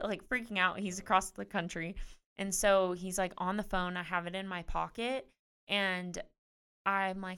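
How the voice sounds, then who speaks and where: A woman in her twenties, a pro tennis player being interviewed, chatting in a lively way with lots of "like". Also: lowish voice, measured pace, smooth. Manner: chatty, animated retelling with frequent "like". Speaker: guest, professional tennis player. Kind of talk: casual interview storytelling.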